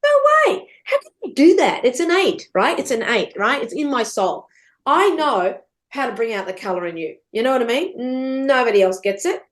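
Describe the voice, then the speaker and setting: A middle-aged woman talks as a podcast guest in an animated, storytelling way. She swears casually and laughs often. Her voice sits a little high and swings widely in pitch. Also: moderate pace.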